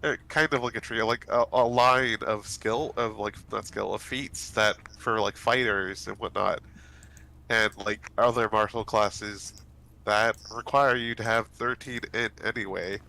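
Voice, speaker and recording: A man's voice: lowish voice, steady tone, unhurried, gravelly, pushed and bright, rough recording. A man with a stuffy, congested nose, rambling casually with lots of fillers while gaming with friends. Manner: rambling, many fillers and restarts. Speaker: let's play host.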